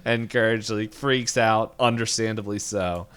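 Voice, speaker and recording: A man co-hosting a podcast, casually retelling a cartoon episode in a rambling way and acting out quick lines. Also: fairly low pitch, smooth. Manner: rambling, animated retelling with quick voiced quotes. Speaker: podcast co-host. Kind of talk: casual recap chat.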